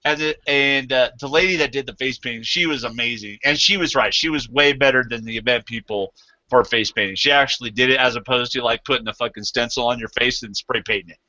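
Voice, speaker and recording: A man's voice: medium pitch, fast talker, sharp tone, no room sound. A man co-hosting a podcast in casual chat, pulling the talk back on topic. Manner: steering the talk, laid-back. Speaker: podcast co-host. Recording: muffled lo-fi podcast mic.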